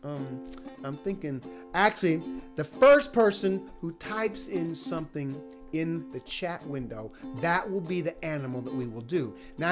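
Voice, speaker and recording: A man leads a children's music session over a livestream camera at home. His voice leaps up and down in a playful, animated way. A clear guitar plays behind him. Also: sits high. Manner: animated, playful, talks to his dogs and viewers. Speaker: teaching artist.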